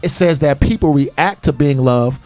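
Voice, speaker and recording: A man with a high, bright-toned voice hosts a call-in radio talk show, preaching his point with repetition and heat. Faint music plays underneath his voice. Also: moderate pace. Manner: passionate, preachy, repetitive emphasis.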